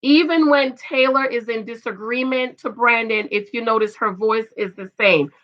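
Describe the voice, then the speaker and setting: A middle-aged woman giving loud, emphatic casual commentary on a reality show and reading viewer comments. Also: fairly high pitch, moderate pace, muffled recording. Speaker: vlogger reviewing a reality show.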